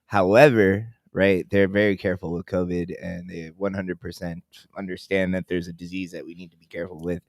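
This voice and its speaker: A laid-back male co-host with a fairly low voice, joking his way through casual chat. He often stumbles and restarts mid-sentence, and the sound is close and dry. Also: level tone, fairly quick, dry recording. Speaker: podcast co-host.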